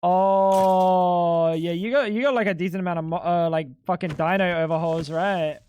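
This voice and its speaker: High-voiced man streaming a game. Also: quick pace, highs cut off. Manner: joking, playful, talks to chat. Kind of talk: casual live-stream chat while gaming.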